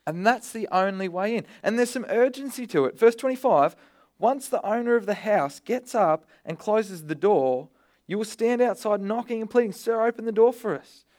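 A man's voice: high-pitched, lively intonation, normal speed, a little mellow. A man preaching a sermon, conversational with bursts of energy, often repeating words.

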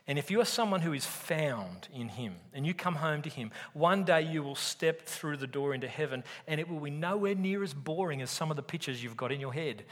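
A man's voice: a little high, a bit bright. A man preaching a sermon to a live congregation, speaking emphatically and asking his listeners questions. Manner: emphatic, asks the audience questions. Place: church service with live audience. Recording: reverberant hall.

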